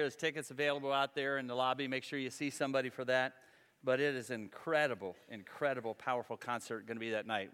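A man's voice: medium pitch, pushed and bright, clean tone, long reverb tail. A man preaching a sermon as pastor, talking in a conversational, folksy storytelling way.

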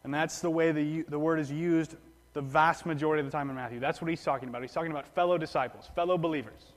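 A male pastor preaching a sermon in a relaxed, conversational way, often repeating and restarting phrases. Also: fairly high pitch, fast talker, in a large hall.

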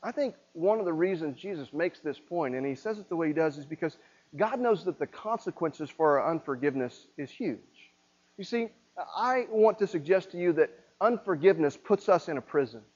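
A man preaching a sermon with a high voice. He talks to the congregation in a relaxed, conversational way and keeps checking in with rhetorical questions. The recording sounds a little muffled. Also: brisk. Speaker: pastor.

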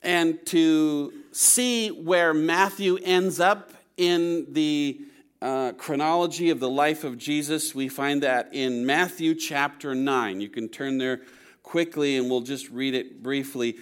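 Male pastor, sermon to a congregation, slightly high voice, chatty and joking. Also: fairly even intonation, takes it slowly, clear, resonant tone. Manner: conversational, with asides and checks of "okay?"; playful humor.

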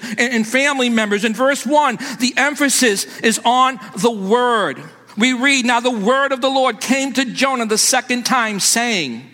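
A man's voice: extremely high pitch, sharp tone, long reverb tail. A man preaching a sermon to his congregation in a church, emphatic, and calling out to them. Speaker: pastor. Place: church sanctuary.

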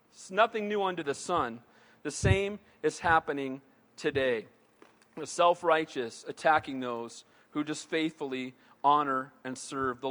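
A man's voice: high voice, fairly bright tone. A man preaching as pastor, emphatic, often asking the crowd "Amen?" and acting out the voices of the people in his story. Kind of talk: sermon. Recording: long reverb of a large hall.

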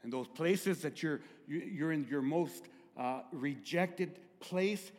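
Preaching in a large hall, a middle-aged pastor swings from soft, lingering phrases to loud, high-pitched outcries.

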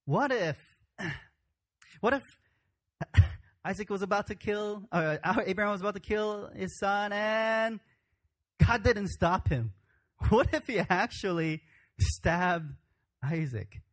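Pastor, male, slightly higher voice, casual conversational sermon delivery. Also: slow, pauses often. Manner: informal, conversational preaching with frequent restarts.

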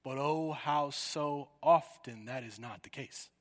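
A man preaching a sermon, emphatic and full of rhetorical questions, swinging from loud declarations to hushed asides. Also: medium pitch, slow pace. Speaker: pastor. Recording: long hall reverb.

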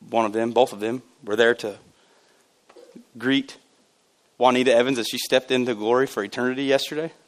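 A man in his thirties preaching a sermon in a church, swinging between loud exclamations and hushed, low asides. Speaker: pastor. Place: church sanctuary.

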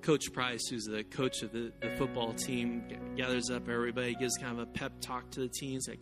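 A male pastor gives a sermon and tells a story, and his voice rises in animated, loud bursts. Plucked guitar music plays softly behind him. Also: medium pitch, brisk, few pauses.

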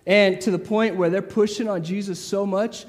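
A man delivers a sermon in a high voice. He talks casually and acts out the voices of the people in the story. His words carry a long echo from a large hall. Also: moderate pace. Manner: lively, acts out crowd voices, casual asides. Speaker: preacher.

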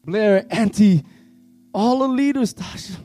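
A man leading worship, preaching with fervent, pleading passion that swings from shouts to hushed tones. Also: high-pitched, measured pace, dry recording, faint music behind. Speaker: worship leader. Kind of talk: impassioned youth revival sermon.

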